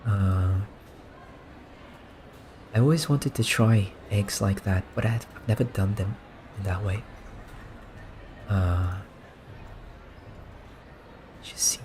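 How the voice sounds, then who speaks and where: Low-voiced guy doing chill soft gameplay commentary, slow and amused. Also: a little hiss or hum. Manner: relaxed, musing, amused. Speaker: gaming streamer.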